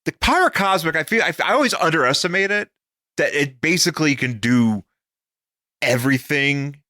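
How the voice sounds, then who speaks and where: A man's voice: a little high, lively intonation, normal speed, pushed and bright, no echo, studio quality. A man co-hosting a comic-book podcast in casual chat, rambling and jokey, full of fillers and swearing. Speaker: podcast co-host.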